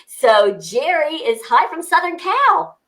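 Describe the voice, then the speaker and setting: A woman's voice: mid-range voice, very animated, normal speed. A woman co-hosting a casual fitness livestream, upbeat and greeting viewers by name.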